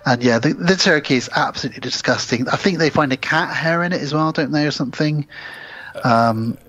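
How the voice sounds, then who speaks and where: A man's voice: on the high side, fairly quick. Man animatedly recapping a film. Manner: animated retelling, acts out characters' lines. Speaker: podcast co-host. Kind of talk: casual film recap chat.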